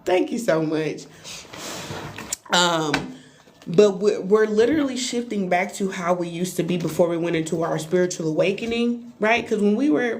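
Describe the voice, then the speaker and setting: Woman doing a live tarot reading, chatty and animated, mid-pitch voice, faint hiss behind. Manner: animated and playful, talking to viewers. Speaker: tarot reader. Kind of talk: live-stream spiritual reading chat.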